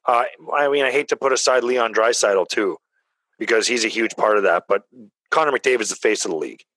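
A man's voice: on the low side, a little fast, a bit bright, no echo, rough recording. A man hosts a sports podcast, asking his guests questions in a loose, conversational way. His voice is close and dry, with no room sound. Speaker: podcast host. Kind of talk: casual podcast chat.

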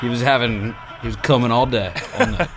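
A man's voice: mid-range voice, steady tone, fairly quick, heavy background noise. A man co-hosting a casual football chat, crude and joking, often laughing as he talks. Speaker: podcast co-host.

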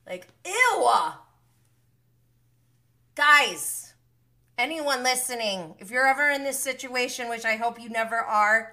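A woman with a bright, clear tone hosts a live recap of a reality show. She talks casually and bluntly, with plenty of animation, and addresses her viewers directly. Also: a little high, animated, takes it slowly, pauses often.

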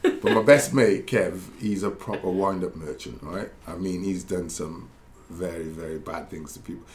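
A man's voice: low voice, normal speed. A man, a former footballer, telling rambling stories in casual chat, laughing and correcting himself as he goes. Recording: roomy echo with faint background noise.

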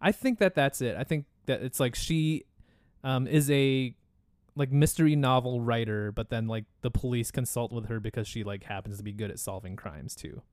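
A young man co-hosting a casual podcast chat, talkative and quick to laugh as he reads out trivia. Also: mid-range voice, a little mellow, no echo. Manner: chatty, laughs often, reads facts aloud. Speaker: podcast co-host.

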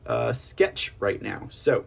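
A man hosting an online political news livestream, rambling casually, reading statements aloud and speaking to viewers as ladies and gentlemen. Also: mid-range voice, big pitch swings, takes it slowly, vocal fry, faint music behind. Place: home setup on a slow connection.

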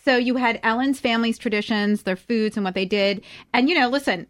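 A woman's voice: a little high, brisk, no echo. Chatty female co-host, dry sound. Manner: chatty, laughing often. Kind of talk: radio food talk show.

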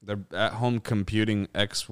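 Slangy young man, lowish voice. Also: steady tone, measured pace, clear, resonant tone. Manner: slangy, profane, calls people dog and bro. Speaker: podcast co-host. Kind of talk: casual sports chat.

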